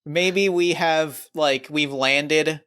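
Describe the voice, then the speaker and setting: Man with a smooth, clear voice. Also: on the high side, fairly even intonation, drawn-out words, sharp tone. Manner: thinks aloud, proposing scenes tentatively. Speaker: tabletop role-play player. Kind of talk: casual improvised storytelling.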